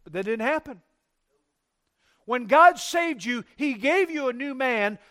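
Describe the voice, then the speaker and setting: A pastor preaching a sermon in a church, swinging between emphatic, loud lines and quiet, dropped-off ones. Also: male voice, sits high.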